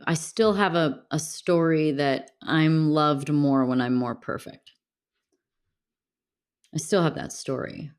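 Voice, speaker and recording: Woman, interview guest, very low voice, candid, reflective, casual chat. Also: takes it slowly. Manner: candid, reflective, full of fillers. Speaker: podcast guest.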